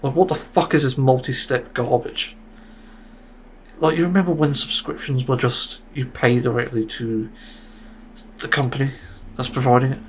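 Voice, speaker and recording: A man's voice: medium pitch, steady tone, moderate pace, slight background noise. A man hosting a solo podcast, ranting in exasperation and swearing often. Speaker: podcast host.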